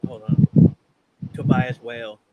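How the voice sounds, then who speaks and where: A man's voice: mid-range voice, little pitch movement, takes it slowly, phone-quality sound. Profane, rambling man hosting a podcast. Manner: loose and profane, trails off and restarts. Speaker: podcast host. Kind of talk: casual podcast chat, counting down a ranked list. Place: live-streamed podcast. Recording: clear background noise with clicks.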